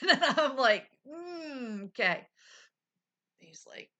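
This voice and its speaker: A woman in her forties tells her story to viewers at an unhurried pace, her voice a little husky. She acts out the people in it and often sinks to a whisper. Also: mid-range voice. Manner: animated retelling, acting out quotes, drops to whispers. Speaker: vlogger.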